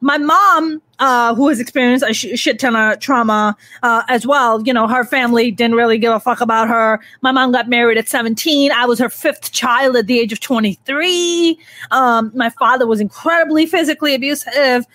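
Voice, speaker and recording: A woman in her thirties hosts a podcast, speaking candidly and emotionally in a conversational interview and swearing freely. Her voice is a little high and a bit bright, at a moderate pace, with no echo.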